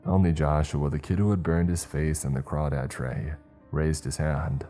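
A man's voice: very deep voice, steady tone, normal speed, warm tone, soft background music. A man narrating a scripted horror story with dry, wry humour.

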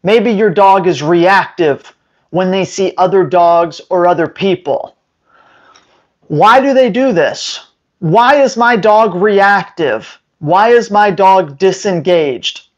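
Male dog trainer, emphatic advice to camera, unhurried delivery, slightly dull lo-fi sound. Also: sits high. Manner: emphatic, acts out owners and dogs in quick voices.

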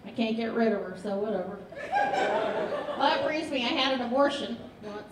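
A woman's voice: a little high, lively intonation, fairly quick, heavy background noise. A woman performing a live stand-up comedy set, telling stories in a chatty, dry way. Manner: chatty, dry storytelling delivery. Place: comedy theater stage with audience. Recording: echoey theater, distant mic, loud crowd laughter. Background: audience laughter.

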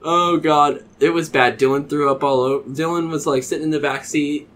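A man's voice: a little high, fairly even intonation, moderate pace, a bit bright. A man in his thirties, a podcast host telling a rambling drinking anecdote with lots of swearing and fillers. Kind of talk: casual storytelling.

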